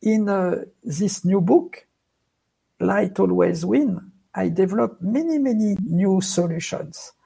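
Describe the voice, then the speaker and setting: Man, fairly high pitch, gravelly, unhurried soft speech, long pauses, non-native phrasing. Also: lively intonation. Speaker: author and guest. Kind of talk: slow, soft-spoken explanation.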